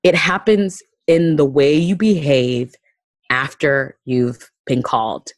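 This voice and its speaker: A woman's voice: sits low, takes it slowly, no room sound, poor audio. A woman comedian talking in a casual conversation, emphatic and blunt, with bursts of profanity.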